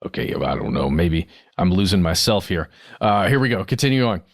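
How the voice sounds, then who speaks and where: Male podcast co-host, lively up-and-down voice, jokey banter. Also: low-pitched, a little fast. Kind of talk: casual podcast chat.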